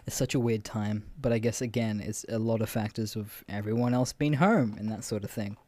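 With a lowish, steady, darkish voice that runs a little fast, a young podcast host tells dating stories in a casual way, swearing and laughing a lot. The recording has no echo.

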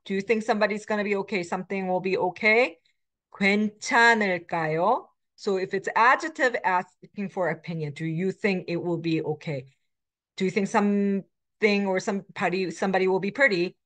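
Here a middle-aged language instructor talks at a fairly quick clip, her medium-pitched voice a bit bright. The recorded lecture covers grammar patterns, with plenty of fillers and self-corrections, and she reads sample words aloud, switching between English and Korean.

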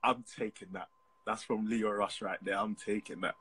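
A man's voice: fairly low pitch, steady tone, moderate pace, fairly bright tone, breathy edge. A man with a British accent calling in to a live stream, chatting in a friendly way and laughing easily. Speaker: caller. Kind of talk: casual live video chat.

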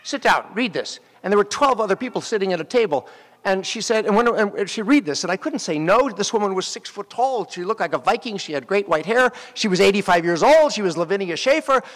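A man, an actor, giving a graduation speech and telling animated stories straight to the graduates at the ceremony. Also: high-pitched, fast. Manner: animated storytelling, addressing graduates directly. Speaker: commencement speaker. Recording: long hall reverb.

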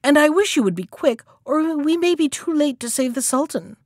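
A woman's voice: high voice, expressive, moderate pace, a little mellow, no room sound, clean studio sound, voice pushed up. Woman voicing a cross, gullible shark. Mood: impatient. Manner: impatient and cross. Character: gullible, impatient male shark.

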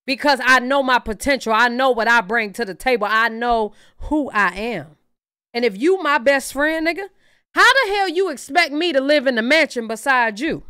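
A woman hosting a reaction channel, giving blunt, profane, animated opinions in casual commentary. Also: high voice, moderate pace, smooth, no room sound, clean studio sound.

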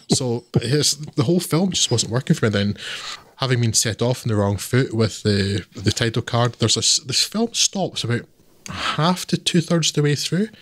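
Male podcast reviewer, mid-pitch, blunt and scathing, dry close sound. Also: expressive, moderate pace, a bit bright, no room sound. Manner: blunt and scathing, laughs often. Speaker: podcast co-host, film reviewer. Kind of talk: casual podcast film review.

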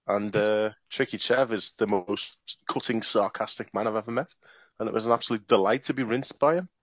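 A man co-hosting a football podcast, telling a story in a relaxed, dry way with lots of ums. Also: lowish voice, a little fast, no room sound. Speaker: podcast co-host. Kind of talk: casual storytelling.

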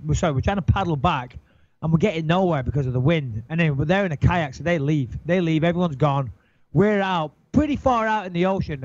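Animated man telling a wild story. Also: a little high, no room sound. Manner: animated, swears a lot, acts out his own panicked thoughts. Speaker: interview guest. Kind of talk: casual storytelling. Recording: dull, dry recording.

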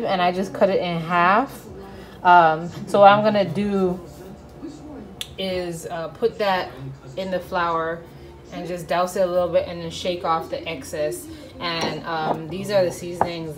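A woman's voice: lowish voice, a little hiss or hum. Playful slangy woman in a sizzling kitchen. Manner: playful, slangy, joking asides. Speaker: cooking vlogger. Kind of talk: casual cooking chat. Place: home kitchen. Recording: frying sizzle in background.

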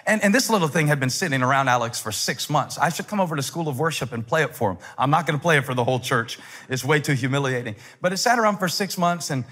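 A man in his forties preaching a sermon as a pastor, telling stories with humor and building up to shouted climaxes. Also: a little high, animated, fast, few pauses, big-room sound. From United States. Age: 40s.

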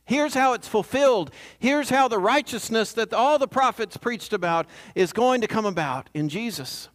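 Here a man with a high-pitched, slightly bright voice preaches in a chatty way, often turning to the congregation with "right?"

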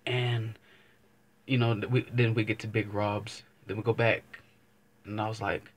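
A man's voice: lowish voice, little pitch movement, a little slow. A young man vlogging, telling a casual story to camera, rambling and swearing, often circling back with "but anyways.". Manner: rambling, profane, keeps saying "but anyways".

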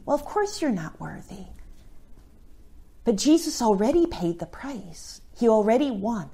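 A middle-aged woman who is a Catholic missionary gives a casual teaching talk on scripture, frequently checking in with a tag question. Her voice sits fairly high, with wide pitch swings and a slightly slow pace.

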